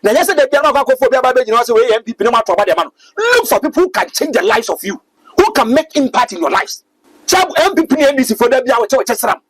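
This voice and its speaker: Ghanaian male commentator, rapid delivery, lively pitch, emphatic. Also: no room sound, poor audio. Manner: emphatic, preachy, switches between English and Twi. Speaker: political commentator guest. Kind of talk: impassioned political talk-show commentary.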